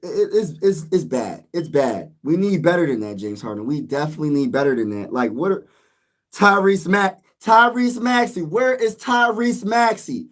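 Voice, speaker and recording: A man's voice: fairly high pitch, lively intonation, moderate pace. Man sports vlogger, exasperated rant. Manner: venting, exasperated, repeats himself.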